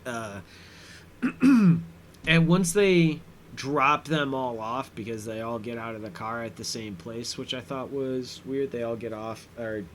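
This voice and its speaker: Male host, loose filler-heavy recap, average pitch, light background hiss. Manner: rambling, filler-heavy, with quick quoted voices. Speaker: commentary host. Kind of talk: casual episode recap.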